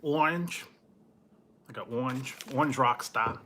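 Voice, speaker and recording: A man's voice: mid-range voice, measured pace, noisy background. A man reviewing snacks in a laid-back, casual way, chuckling often and trailing off mid-sentence. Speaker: food review vlogger.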